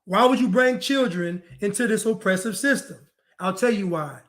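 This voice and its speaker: His voice sits high and slightly bright, at a moderate pace. In this commentary monologue he preaches and mocks, repeating phrases for emphasis and performing other people's lines.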